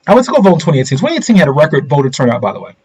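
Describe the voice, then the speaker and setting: A man's voice: on the high side, racing, husky, poor audio. Middle aged guy doing a political livestream, chatty, keeps asking the viewers stuff, voice goes way up and down. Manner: animated, talks straight to viewers with rhetorical questions. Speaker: livestream host reading viewer comments. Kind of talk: casual political commentary livestream.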